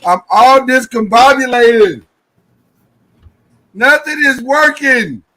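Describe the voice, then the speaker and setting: A man with a high voice rants in an animated, joking way. He sounds worn out and tired, co-hosting a relaxed podcast chat. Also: takes it slowly, a little hiss or hum, poor audio. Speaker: podcast co-host. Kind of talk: casual chat.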